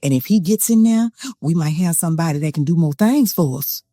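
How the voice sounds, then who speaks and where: A woman's voice: sits low, animated, fairly quick, warm tone, dry recording, studio quality. A woman playing a sly old drawling Southern gossip. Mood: gossipy. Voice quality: thick drawl, folksy dialect. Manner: chiding, sly, mock-cautious. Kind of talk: comedy sketch.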